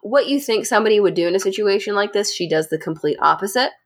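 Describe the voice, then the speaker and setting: Brief: woman podcast host, mid-pitched, lively storyteller who laughs often. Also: fast talker. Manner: chatty, animated, laughs often. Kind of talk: casual storytelling to friends.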